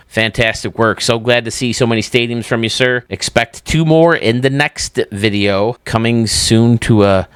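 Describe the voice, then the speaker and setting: A man's voice: fairly low pitch, smooth, no room sound. A man hosting his own channel, chatting casually and enthusiastically while touring video game stadiums, often laughing at himself. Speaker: YouTube host.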